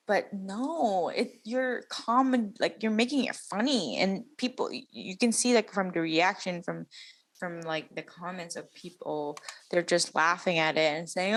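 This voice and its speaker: Young woman in animated podcast chat. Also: fairly low pitch, measured pace. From Macau. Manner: animated, lots of fillers and quoted voices. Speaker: podcast co-host. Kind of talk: casual reaction chat.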